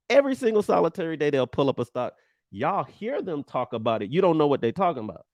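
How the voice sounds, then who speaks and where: A male trading coach talks to his viewers in an animated, emphatic and blunt way, his pitch leaping high and low. His voice sits a little high for a man and has a gravelly fry. The recording sounds dry and close. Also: fairly quick, no echo. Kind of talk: energetic online trading lesson.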